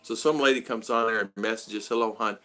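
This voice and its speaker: Bright-voiced rambling middle-aged man. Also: on the low side, steady tone, fairly quick. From United States. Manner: rambling, repeats himself. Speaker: vlogger. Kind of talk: casual livestream chat.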